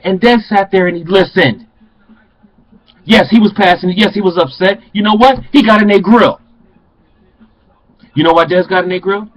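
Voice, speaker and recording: A man's voice: sits high, normal speed, long pauses, low-quality recording. An older man, a passionate sports fan, ranting to camera in a home vlog and repeating phrases for emphasis. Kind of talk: fired-up fan rant to camera.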